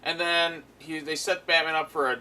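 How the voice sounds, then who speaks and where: A man's voice: on the high side, flat delivery, normal speed, bright, forceful tone, rough recording. A man giving a casual, rambling review of a cartoon episode, full of fillers and amused asides.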